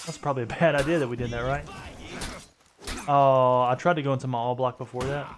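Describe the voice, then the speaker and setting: A man's voice: medium pitch, steady tone, fairly quick, long pauses, background noise. A man giving casual gameplay commentary as a streamer, joking and teasing his opponents. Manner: playful, teasing trash talk.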